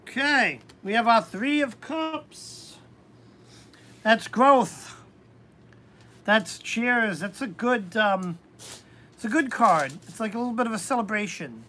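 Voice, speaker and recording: A woman hosting a live-stream tarot reading, talking hesitantly with many pauses and ums. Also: on the high side, lively intonation, a bit bright.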